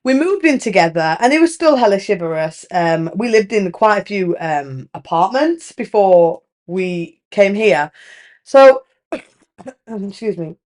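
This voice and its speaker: A woman's voice: mid-range voice, lively intonation, measured pace, a little mellow. A young British woman hosting a podcast, talking frankly and in a rambling, confessional way, full of "like". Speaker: podcast host. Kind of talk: candid confessional chat.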